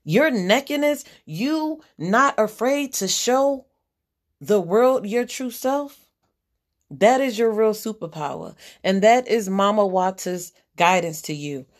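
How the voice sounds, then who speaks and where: A woman's voice: mid-range voice, lively intonation, slow. A woman hosting a podcast, giving a general spiritual reading as a blunt, profane pep talk that repeats its key lines.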